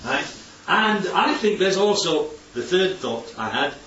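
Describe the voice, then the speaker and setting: A man's voice: high-pitched, very animated, a little slow, fairly bright tone. A man preaching in a chatty, conversational way, his voice rising and falling widely as he keeps asking the congregation rhetorical questions. He sits far from the mic in an echoey church hall, and the sound is somewhat dull with faint background noise. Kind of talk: conversational sermon.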